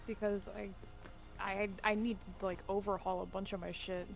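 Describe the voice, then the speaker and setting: A woman's voice: medium pitch, flat delivery, moderate pace, creaky. A woman chatting over voice chat, blunt and teasing, swearing casually. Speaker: streamer friend on voice chat. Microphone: voice chat over the internet.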